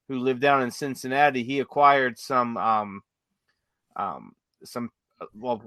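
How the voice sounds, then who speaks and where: A man's voice: mid-range voice, pushed and bright, no room sound. A man co-hosting a podcast, chatting casually and recalling details hesitantly with frequent ums. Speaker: podcast co-host, former UFO investigator. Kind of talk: casual chat.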